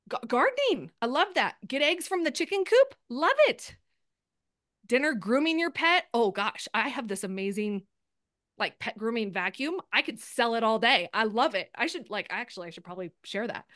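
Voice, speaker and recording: A woman leads a group coaching session over a video call, upbeat and chatty. Her voice sits a little high, and the sound is dry with no room echo. She keeps acting out example posts in bright bursts. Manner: upbeat, rapid, acts out sample posts. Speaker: sales coach.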